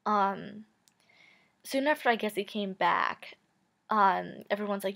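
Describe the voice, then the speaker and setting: A woman's voice: medium pitch, slow pace, vocal fry, long pauses, a bit bright. A woman in her twenties telling a personal story to camera in a casual, chatty way, full of "like" and "um" and frank swearing. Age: 20s. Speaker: vlogger.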